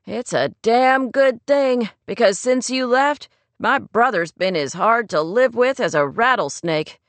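A woman voicing an excitable, cheeky teenage boy, speaking high and eager. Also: a little slow, no echo. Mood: excited.

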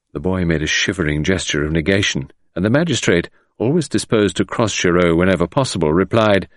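Low-voiced male audiobook narrator. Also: a little fast, hardly any pauses, dry recording, studio quality. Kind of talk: scripted narration of a mystery novel.

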